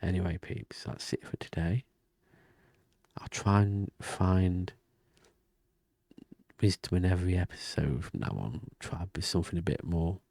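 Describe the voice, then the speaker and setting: A man talking quietly and rambling in a casual diary vlog at home, often half-whispering. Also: sits low, measured pace, gravelly, long pauses, no echo. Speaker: vlogger. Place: home room with thin walls. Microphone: desk mic and webcam.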